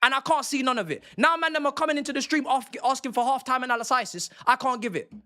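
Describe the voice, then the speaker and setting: A man's voice: extremely high pitch, fast talker, pushed and bright. Fuming young man ranting. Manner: angry, profane, repetitive ranting. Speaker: football streamer. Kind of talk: ranting live stream.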